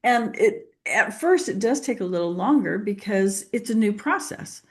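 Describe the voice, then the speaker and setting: A woman's voice: medium pitch, lively intonation, normal speed. A woman hosting a podcast conversation, encouraging as she sums up her guest's points. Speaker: host. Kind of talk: casual interview talk.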